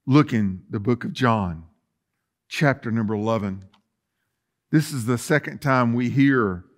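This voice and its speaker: Slow-preaching pastor, fairly high voice. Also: male voice, a bit bright. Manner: preaching with rising intensity and long pauses. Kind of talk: sermon.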